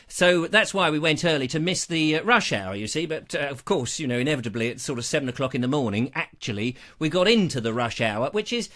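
A man's voice: a little high, lively intonation, brisk, few pauses, fairly bright tone. A middle-aged man hosting a casual live chat, jokey and theatrical, on a lapel mic. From England. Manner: theatrical, jokey, slips into funny voices. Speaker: host of an explorer channel.

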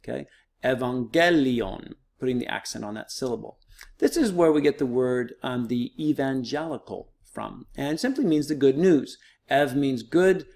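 A man's voice: mid-range voice, lively intonation, normal speed, gravelly, warm tone. A man teaching a recorded online lesson, explaining step by step in a casual, patient way with frequent fillers.

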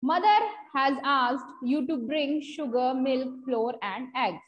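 A woman teacher with an Indian English accent, giving an online grammar class and dictating example sentences slowly, mixing in short Hindi asides. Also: sits high. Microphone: video call. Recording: slightly dull lo-fi video call audio.

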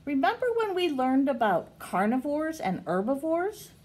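A middle-aged woman teacher, reading picture books aloud to young children in a slow, sing-song way. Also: big pitch swings, darkish tone. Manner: slow, sing-song, with big pitch swings on questions.

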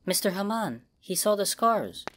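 A man voicing an eerie small boy who speaks softly in an infantile voice. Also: high-pitched, sing-song, moderate pace, pitched above the performer's own voice. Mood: eerie, innocent. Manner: soft, infantile.

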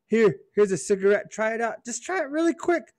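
A man's voice: high-pitched, lively intonation, fairly quick, dry recording, voice pushed up. A man voicing a pushy teenage buddy who eagerly coaxes a friend to try something. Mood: coaxing. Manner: wheedling, loud and eager. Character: pushy coaxing teen buddy offering bad things.

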